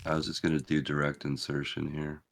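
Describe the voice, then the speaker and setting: A man's voice: a bass voice, monotone, fairly quick, gravelly, a little hiss or hum. A man playing a game with friends, talking matter-of-factly as he plans aloud. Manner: matter-of-fact, planning aloud. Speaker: co-player. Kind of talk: casual gaming chat.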